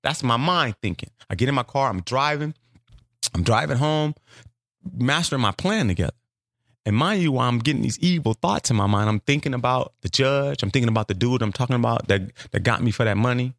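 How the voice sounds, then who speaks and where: Man guest, profane comic storyteller, acts out voices, mid pitch, dry close sound. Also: brisk, no echo. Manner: animated, acts out voices, swears freely. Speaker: comedian guest.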